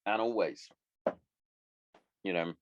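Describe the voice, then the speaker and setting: A man's voice: deep voice, slow, no room sound, dull audio. A man in his thirties hosting a solo podcast, rambling and swearing casually as he chats. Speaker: podcast host.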